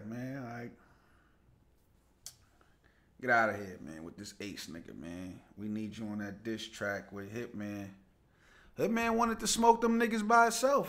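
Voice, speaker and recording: Reading viewer comments on a relaxed live show, this young male host greets people by name and laughs readily as he chats. His voice sits at a medium pitch with a fairly bright tone.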